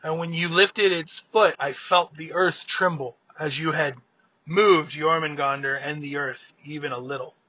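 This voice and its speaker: A man's voice: fairly high pitch, fairly even intonation, measured pace, bright, forceful tone, husky, no room sound, muffled recording, full character voice. A man voicing Utgard-Loki, a grave giant king. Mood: solemn.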